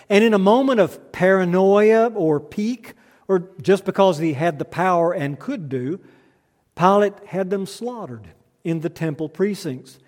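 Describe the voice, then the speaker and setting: A man delivers a sermon in a large church, speaking in a fairly high register. His delivery is measured, built on rhetorical questions with the occasional dry aside. A long reverb hangs behind every phrase. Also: darkish tone. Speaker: preacher. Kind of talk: sermon with spoken litany.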